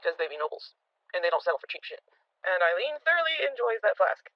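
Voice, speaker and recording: A game master recapping a tabletop adventure, telling the story at a rapid clip. The voice sounds dry and close, with animated, lively narration. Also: medium pitch, no echo, lo-fi sound.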